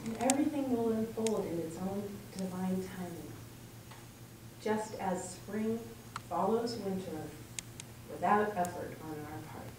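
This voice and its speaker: Her pitch is medium and her delivery slightly slow as this woman minister speaks thoughtfully to her congregation, recounting stories with earnestness. The audio is faintly noisy and reverberant, picked up from a distance.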